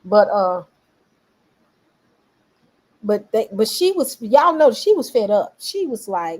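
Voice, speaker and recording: Animated woman in casual commentary. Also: fairly high pitch, unhurried, pauses often, husky, rough recording. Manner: animated, talks back to viewers, quotes others in voices.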